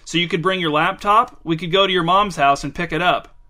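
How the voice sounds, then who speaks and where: A man's voice: high-pitched, a little fast, pushed and bright. Man doing an apologetic, eager dad. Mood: anxious eagerness. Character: anxious, eager-to-please divorced dad.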